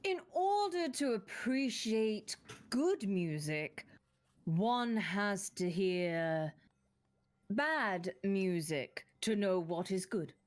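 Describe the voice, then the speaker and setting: A woman playing a lofty, highbrow adventurer. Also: lively intonation, drawn-out words. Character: refined, lofty female adventurer Ava.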